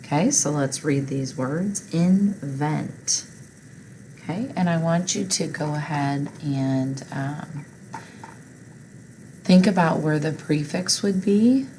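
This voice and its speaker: Slow, low-voiced woman teaching a lesson. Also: dark tone, a little hiss or hum, poor audio. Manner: patient, step-by-step explaining. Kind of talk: recorded reading lesson.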